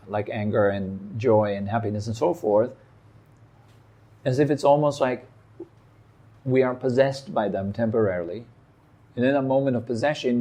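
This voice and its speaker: A man gives a meditation talk. His voice is mellow and relaxed, at an ordinary male pitch. He speaks calmly and reflectively, in short phrases broken by pauses. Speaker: meditation teacher. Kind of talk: dharma talk. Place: meditation hall.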